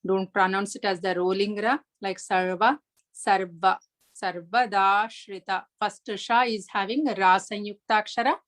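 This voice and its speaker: A woman teaching the pronunciation of a chanted verse, patiently explaining each sound step by step and chanting the lines slowly. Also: mid-range voice, steady tone, a bit bright. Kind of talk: online pronunciation lesson.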